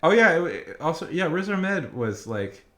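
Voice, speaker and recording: A young man streaming live, chatting casually and rambling with many fillers, getting loud when he rants. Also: a little high, very animated, moderate pace.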